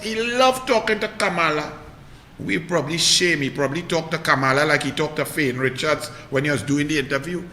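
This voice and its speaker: A man with a Trinidadian accent ranting on politics, mocking and loud, swinging from shouts to low muttering. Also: brisk, echoey room, in a large hall. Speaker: online commentator. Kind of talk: animated political rant.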